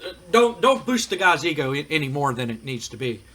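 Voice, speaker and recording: Bright-voiced man rambling over a game. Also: a little high, very animated, fairly quick, a little hiss or hum. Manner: chatty, rambling, frequent fillers. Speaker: host. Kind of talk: casual gaming commentary.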